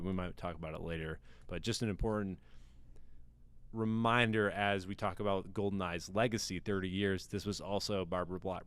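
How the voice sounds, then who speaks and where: Low, smooth-voiced male podcast host. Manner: playful, animated, jokey. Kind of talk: casual podcast chat with mock ad reads.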